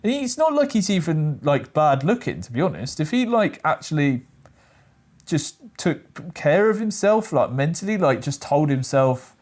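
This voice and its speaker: A man's voice: on the high side, sing-song, normal speed, darkish tone. A man hosting a reaction video, chatting casually with frequent "like" fillers and laughter.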